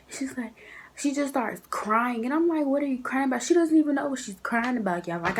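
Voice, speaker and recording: A young woman casually telling a storytime to her viewers, animated and chatty, with asides to the audience. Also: mid-range voice, a little hiss or hum, low-quality recording. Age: young adult. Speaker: vlogger.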